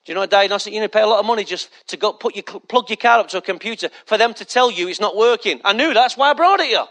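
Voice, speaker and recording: A man preaches from the pulpit in a high, bright, ringing voice. He drives his points home with emphasis and drops joking asides straight to the congregation. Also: very fast. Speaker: pastor. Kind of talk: sermon.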